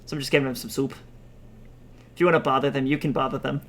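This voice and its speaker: A man's voice: medium pitch, steady tone, fast, a bit bright, slight background noise, lightly acted. A man voicing an easygoing tavern keeper in his own plain voice. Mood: offhand. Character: easygoing male tavern keeper serving soup.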